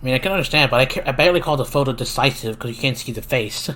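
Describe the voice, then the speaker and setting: A man's voice: medium pitch, rapid-fire. A man casually reading game dialogue aloud for a fan dub, with stumbles and restarts. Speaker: player voicing game dialogue. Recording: loud game music behind.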